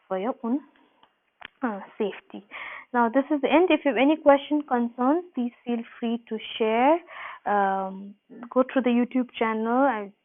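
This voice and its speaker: A woman teaches a geography lesson in a slightly high voice, walking students through each step and restating her points. Her lecture comes through thin, tinny audio that sounds like a phone line. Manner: explanatory, repeats points, frequent "uh" and "um". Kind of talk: recorded online class lecture.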